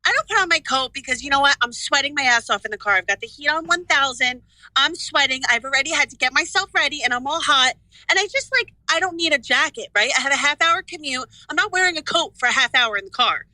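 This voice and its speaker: A woman with a high, sharply bright voice tells her story in an exasperated, rambling way. She is a listener asking a podcast for advice, recorded dry and close. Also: animated, quick pace, no room sound, poor audio. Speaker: listener sending a question.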